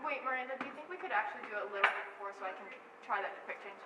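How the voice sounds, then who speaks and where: Giggly high-voiced woman, far off. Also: very fast. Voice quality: giggly, chatty. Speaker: actor in rehearsal. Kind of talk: casual backstage chat. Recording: roomy distant recording with background noise.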